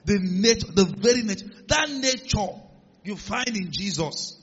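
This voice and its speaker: A man preaching with a high, husky voice that leaps up and down in pitch as he pushes his points. His words ring out with a long reverb in a large church hall. The recording sounds a little muffled. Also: expressive, measured pace. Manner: emphatic preaching, rising to loud declarations. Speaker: pastor. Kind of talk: sermon.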